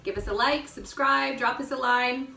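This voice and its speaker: A woman hosting a casual home cooking demonstration. She talks viewers through each step in a relaxed, chatty way. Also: high-pitched, normal speed, gravelly. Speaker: cooking show host. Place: home kitchen. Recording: echoey kitchen, distant mic, background noise.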